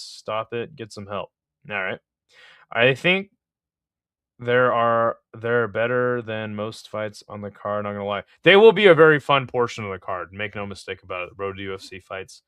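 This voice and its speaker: A man's voice: medium pitch, expressive, brisk, pushed and bright, clear, resonant tone, no room sound, studio quality. A man hosting a live fight-picks stream, talking loosely and profanely while thinking aloud with lots of fillers. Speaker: podcast host giving fight picks. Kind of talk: casual live-stream chat.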